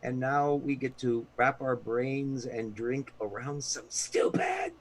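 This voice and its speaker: A man's voice: mid-range voice, steady tone, takes it slowly, low-quality recording. A man in a casual group chat, making joking, self-deprecating remarks.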